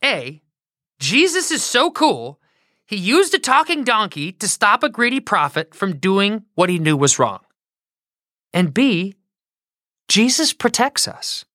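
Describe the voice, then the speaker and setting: A woman tells a Bible story for children, asking her listeners questions along the way. Her bright voice swings widely in pitch at an unhurried pace, and it sounds dry and close. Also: no room sound. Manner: animated, asks listeners questions.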